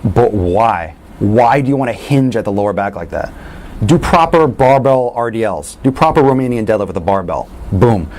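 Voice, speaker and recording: A man's voice: fairly low pitch, moderate pace. Blunt, swearing male fitness coach. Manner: blunt, animated, swears freely. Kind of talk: casual Q&A training talk.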